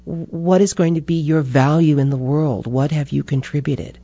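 Brief: expressive woman interviewee, dark mellow tone, slightly dull audio. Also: deep voice, moderate pace, dry recording. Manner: expressive, animated, acts out inner voices. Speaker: interview guest. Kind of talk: reflective conversational storytelling.

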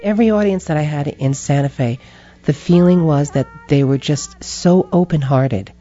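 A woman guest in an interview, telling stories in a reflective, animated way and acting out voices. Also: low voice, normal speed. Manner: expressive, animated, acts out inner voices. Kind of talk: reflective conversational storytelling. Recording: dull muffled interview audio.

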